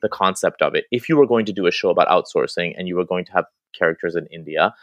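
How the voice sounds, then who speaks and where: Deep-voiced man chatting in an interview. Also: quick pace, fairly bright tone, no room sound. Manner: chatty, many restarts and fillers. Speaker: actor and interview guest. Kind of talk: casual interview chat.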